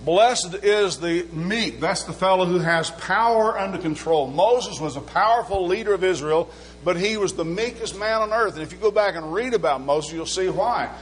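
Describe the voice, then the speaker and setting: A male preacher delivers a sermon in a loose, conversational way, asking questions of the room and joking along the way. His voice sits a little on the high side. A faint hum runs under the recording. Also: normal speed, rough recording. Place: church sanctuary.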